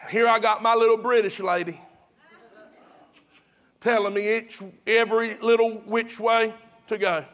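A man's voice: high voice, level tone, measured pace, long pauses, a bit bright. A pastor preaching to his congregation in a chatty, repetitive way, with emphatic restarts. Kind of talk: sermon.

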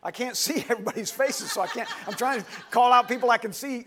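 A man's voice: very high voice, quick pace, hardly any pauses, pushed and bright, husky. A man preaching a sermon to a live congregation, repeating his questions, leading call-and-response and calling on listeners by name. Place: dim church hall, live congregation.

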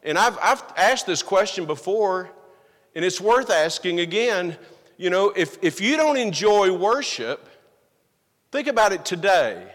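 In a church sanctuary full of long hall reverb, a pastor delivers a sermon with earnest emphasis, frequently questioning the congregation rhetorically. His high, slightly bright voice is very animated but keeps a measured pace.

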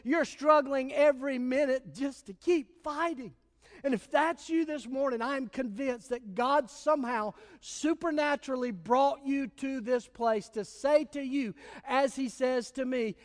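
A man's voice: very high voice, measured pace, in a large hall. A man preaching a sermon as pastor, telling stories in a casual, emphatic way.

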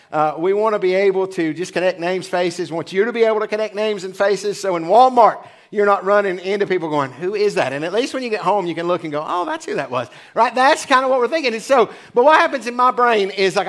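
A man's voice: high-pitched, a bit bright. A pastor in his forties giving a casual, joking sermon in church. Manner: chatty, joking asides. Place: church sanctuary.

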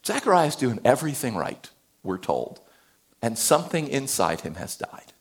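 Animated male preacher, lively pitch. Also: moderate pace. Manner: animated, swings between loud and hushed. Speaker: pastor. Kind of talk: sermon.

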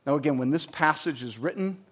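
High-voiced preacher, swinging loud to hushed. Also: male voice, brisk. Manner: emphatic, swings between loud and hushed, acts out quotes. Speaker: pastor. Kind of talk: sermon.

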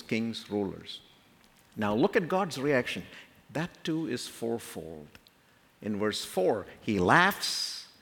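A man preaching an expository sermon, emphatic, slowing down to stress the scripture he quotes. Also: medium pitch, fairly bright tone. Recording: long hall reverb.

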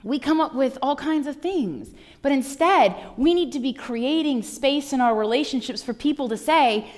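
A woman in her thirties or forties preaching a sermon, telling the story with lively asides and acted-out voices. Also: sits high, moderate pace. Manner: animated storytelling, acting out voices.

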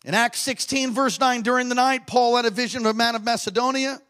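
Man, preacher, sermon, very high pitch, bright forceful tone, animated storytelling, emphatic declarations. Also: fairly quick. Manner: animated storytelling, bursts of laughter and shouting.

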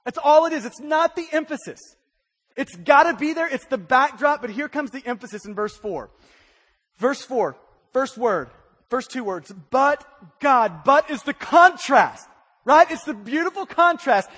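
A male pastor delivers a sermon in a strikingly high voice. He swings from hushed, quiet lines to loud, emphatic ones. His words ring out in the long reverb of a large church hall. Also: expressive, unhurried, breathy edge. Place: church sanctuary.

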